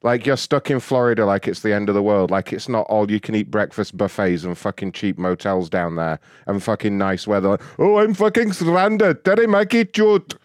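Foul-mouthed mocking man, low voice. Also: steady tone, brisk, hardly any pauses, dry recording, studio quality. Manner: swearing, mocking, laughing. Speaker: prank caller. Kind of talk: profane prank-call banter.

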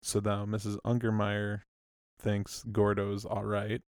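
A man's voice: fairly low pitch, completely flat delivery, measured pace, darkish tone, clear, resonant tone, dry recording, clean studio sound. A man co-hosting a podcast, retelling movie scenes in a casual, chatty way. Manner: chatty storyteller, retells scenes, laughs along. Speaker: podcast co-host. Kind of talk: casual chat recapping a movie.

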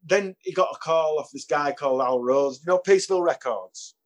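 A man's voice: fairly high pitch, fairly quick. Man telling band stories. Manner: anecdotal, chuckling, acts out quoted voices. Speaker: musician guest. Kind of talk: casual storytelling interview.

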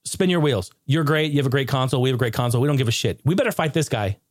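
A man's voice: mid-range voice, animated, very fast, dry recording, studio quality, close to an everyday voice. A man playing a brash, mock-friendly male gaming executive who is upbeat and dismissive.

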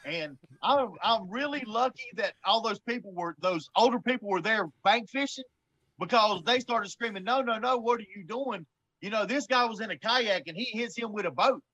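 A man, telling a story in an animated way, often stammering and laughing. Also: high voice, moderate pace. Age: 40s. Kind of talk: casual storytelling.

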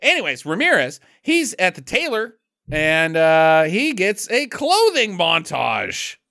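A man's voice: high voice, huge pitch swings, slow, creaky, sharp tone, no echo, clean studio sound. A man co-hosting a casual movie podcast, joking, swearing and laughing a lot. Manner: profane, laughing, jokey impressions. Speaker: podcast co-host. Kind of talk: casual movie riff chat.

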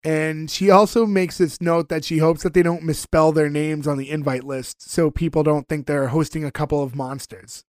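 A man's voice: fairly high pitch, fairly even intonation, normal speed, hardly any pauses, a little mellow, dry recording, clean studio sound. A man hosting a podcast, recapping a TV episode in rambling casual chat with many fillers. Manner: rambling, with frequent fillers and restarts. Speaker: podcast host.

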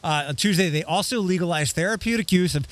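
A man's voice: high-pitched, fast, fairly bright tone, no room sound. A man co-hosting a casual discussion podcast, talking in a rambling way with frequent restarts. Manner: rambling, restarts often, reads news excerpts aloud.

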